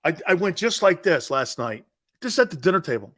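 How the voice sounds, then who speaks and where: Middle-aged male talk host, lively pitch, excitable, laughs loudly, acts out quotes. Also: fairly quick. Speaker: sports talk show host. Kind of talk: animated storytelling on a sports talk show.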